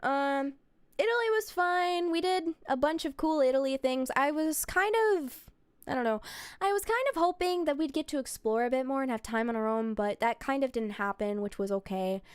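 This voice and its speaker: A woman's voice: high voice, normal speed, dry recording, studio quality. A woman streamer in casual chat, playful and goofy, joking with silly word swaps.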